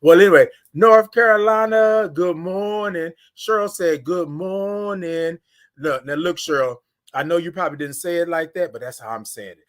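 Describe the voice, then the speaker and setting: A man hosting a casual morning livestream, greeting viewers by name in an animated way and drawing out his greetings. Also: on the high side, fairly quick. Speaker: livestream host.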